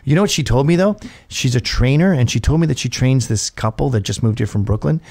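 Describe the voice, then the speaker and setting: Speaking quickly in a medium-pitched, creaky voice, this British man in his fifties hosts a show. He delivers a funny, profane story with plenty of animation, performing the quoted lines himself.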